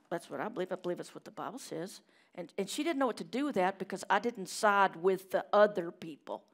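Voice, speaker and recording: Storytelling woman preaching. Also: lowish voice. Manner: storytelling, shifts between loud emphasis and hushed asides. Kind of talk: sermon. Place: church chapel.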